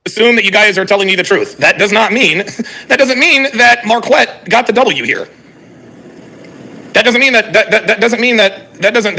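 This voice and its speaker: A man's voice: high voice, breathy edge. A man hosting a live reaction stream, commenting heatedly and profanely while reading viewer chat aloud. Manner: animated, exasperated, profane, reads chat aloud.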